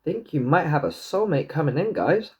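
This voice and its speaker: Chatty, foul-mouthed man reading tarot. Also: moderate pace. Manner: chatty, swears freely, jokes to himself, talks back to the universe; lively pitch, swoops high into silly put-on voices. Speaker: tarot and numerology reader. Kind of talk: casual tarot reading to camera.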